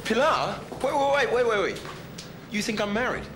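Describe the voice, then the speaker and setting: A man's voice: sits high, lively intonation, moderate pace. An actor playing a wounded man who pleads and insists on answers. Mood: pleading. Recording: noisy TV drama sound.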